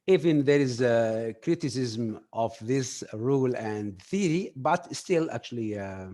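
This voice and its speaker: A man giving a workshop lecture on communication skills, pausing often with fillers and putting questions straight to his audience. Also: mid-range voice, expressive, warm tone. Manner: halting, filler-heavy, addresses audience directly.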